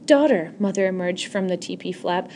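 Brief: woman, middle pitch, earnest novel reading, frequent slips and restarts. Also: fairly even intonation, moderate pace, darkish tone, a little hiss or hum. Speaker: audiobook reader.

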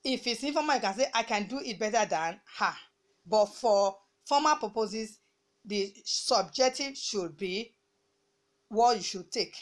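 A slightly high-pitched woman from Nigeria gives a grammar lesson to students. She speaks deliberately, repeats each rule, and slows right down when she dictates example sentences. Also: animated. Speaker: English teacher.

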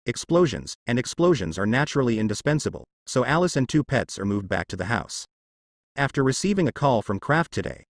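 A man's voice: medium pitch, dry recording. Man narrating a novel, dry close sound. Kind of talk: audiobook narration of translated fan fiction.

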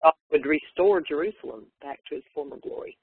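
A slightly higher-pitched man with a husky voice gives short, hesitant answers in a scripture class. He sounds distant and thin, as if coming through a phone. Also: brisk, dry recording, phone-quality sound. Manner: brief, tentative answers. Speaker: class participant.

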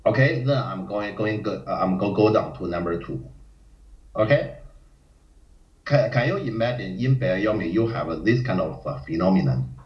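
A man teaching a Go lecture in non-native English, often acting out panicked players in a high voice. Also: expressive, moderate pace. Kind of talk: live-streamed lecture. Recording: roomy, dull lo-fi stream audio.

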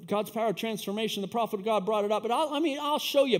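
A man preaching a sermon, telling stories in an easygoing way and building up to loud, fervent preaching. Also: sits high, fast talker, few pauses. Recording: long hall reverb.

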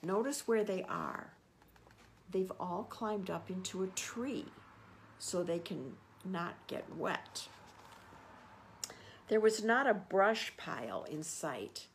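A woman, a children's librarian, reading a picture book aloud and gently explaining words and pictures to children. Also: mid-range voice, expressive, takes it slowly, long pauses, a little hiss or hum.

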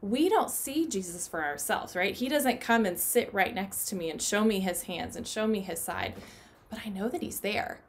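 A woman teaching a children's Bible lesson from her home playroom, talking gently to the kids and asking them questions. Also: medium pitch, animated, normal speed.

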